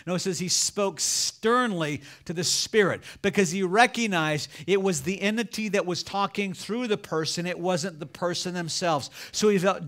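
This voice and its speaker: A man with a high voice preaches a sermon to his congregation. He reads scripture and builds in fervor as he goes. Now and then he slips into acted voices for the people in the story. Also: fairly bright tone. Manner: preaching with rising fervor, acting out quoted voices. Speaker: pastor.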